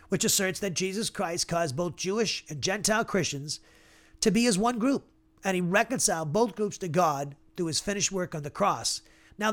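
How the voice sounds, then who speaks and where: Guy with a highish voice teaching bible class, goes step by step, sounds out greek words slow. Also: fairly bright tone. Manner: methodical, repeats phrases, sounds out Greek words. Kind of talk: verse-by-verse Bible class lecture.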